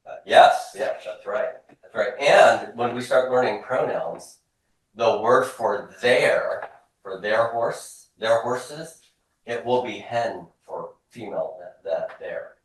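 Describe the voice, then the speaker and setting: A man's voice: mid-range voice, takes it slowly. A man teaching a classroom language drill, upbeat and laughing often as he checks answers with his students. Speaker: Hebrew teacher. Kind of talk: classroom drill, call and response. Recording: echoey classroom from a distance.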